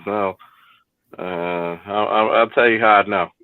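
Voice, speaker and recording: A man's voice: fairly low pitch, fairly even intonation, measured pace, dry recording, phone-quality sound. A man hosting a casual chat, swearing freely, laughing and restarting his sentences. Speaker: host.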